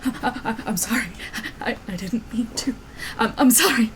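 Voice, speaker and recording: A woman's voice: a little high, moderate pace, noisy background, voice pushed up, close to an everyday voice. A woman doing a scared young man stammering sorry. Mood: pleading. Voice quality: trembling, stammering apology. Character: younger man, frightened and pleading. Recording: faint music behind.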